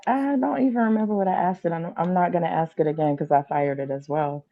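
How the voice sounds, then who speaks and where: A woman guest on a casual panel chat, speaking in a measured, thoughtful way with dry humor. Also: on the low side, narrow, tinny audio, crowd noise.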